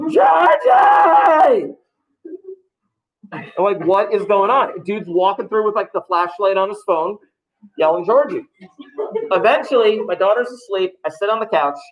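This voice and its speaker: A man teaches a class, speaking in a casual, joking way. His voice sits a little high for a man. He rambles into stories between instructions. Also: poor audio. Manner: joking, loose and chatty. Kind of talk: classroom talk to students.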